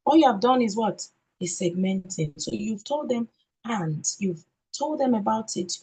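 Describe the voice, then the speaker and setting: A woman's voice: mid-range voice, lively intonation, a little mellow, rough recording. A woman training teachers in an online session, repeating key words and answering her own questions. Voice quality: husky. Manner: sounds out letters slowly.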